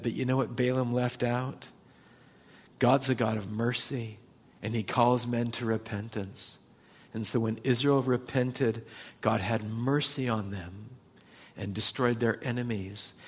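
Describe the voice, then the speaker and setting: Conversational male pastor telling stories. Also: mid-range voice. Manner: conversational, storytelling, acts out quotes. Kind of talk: sermon.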